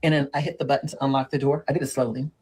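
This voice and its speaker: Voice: medium pitch, little pitch movement, very fast, a little mellow, slight background noise, lightly acted, low-quality recording. A performer playing a sassy middle-aged woman who lectures on dating in a comedic monologue and keeps calling the listener girl and honey. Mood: sassy lecturing. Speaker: relationship advice monologue.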